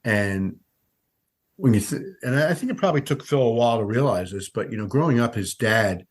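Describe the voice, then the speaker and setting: A man's voice: mid-range voice, animated, brisk, slightly rough. A man in his sixties, a veteran sportswriter, telling stories as a podcast guest in a conversational way with frequent restarts. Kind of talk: podcast interview.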